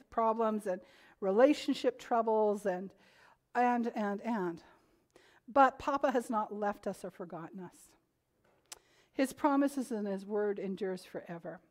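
A woman preaching a sermon to her congregation, earnest and growing emphatic when she reads scripture aloud. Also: fairly high pitch. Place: church.

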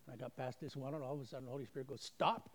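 Speaking very fast in a warm, medium-pitched voice with little pitch movement, a man offers a folksy testimony at a church service streamed online. He's quick to laugh at himself and voices the characters in his stories.

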